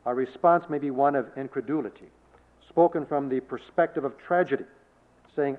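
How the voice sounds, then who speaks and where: A man preaching a measured sermon, rising to emphatic declarations in quoted scripture. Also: medium pitch. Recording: tinny phone-like sound.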